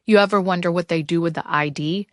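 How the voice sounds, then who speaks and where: A woman reading the lines of an impatient male gravedigger, speaking gruffly in an audiobook. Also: a little high, fairly even intonation, fast talker, no echo, studio quality, natural voice.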